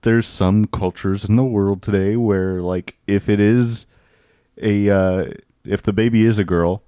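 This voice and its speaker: A man's voice: fairly low pitch, fairly even intonation, mellow, smooth, no room sound, studio quality. A young man co-hosting a casual comedy podcast who rambles and trails off with fillers. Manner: rambling, halting with fillers and restarts. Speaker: podcast co-host. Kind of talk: casual comedic group chat.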